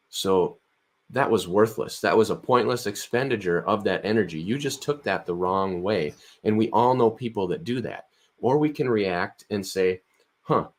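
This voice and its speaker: A man in a casual podcast conversation, explaining things calmly and repeating words as he restarts. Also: on the low side.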